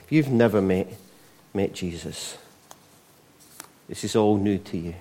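A man's voice: sits low, expressive, a little slow, long pauses, mellow. A Scottish man preaching a conversational sermon, with frequent asides to the congregation. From Scotland.

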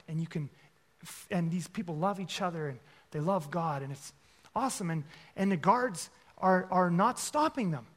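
A man's voice: high-pitched, fairly bright tone. A man preaching a sermon and telling a story, with frequent "okay?" asides and playful mockery.

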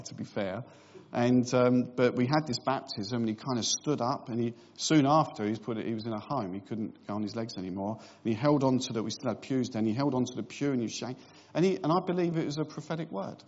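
A man's voice: medium pitch, quick pace, a little mellow, muffled recording. A middle-aged man preaching a sermon in a conversational way, with wry humorous asides.

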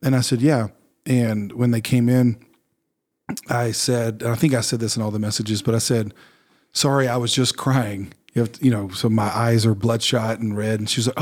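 A man's voice: medium pitch, level tone, normal speed. A man, a pastor, talking in a casual faith podcast with an earnest, reflective manner and frequent fillers and restarts.

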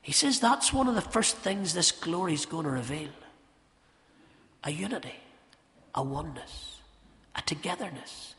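A man preaching with passion, his raised and bright voice ringing through a reverberant church hall. He swings from ringing emphasis down to hushed, intense asides, pressing rhetorical questions on his listeners. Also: on the high side, expressive, moderate pace, long pauses. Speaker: pastor. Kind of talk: sermon.

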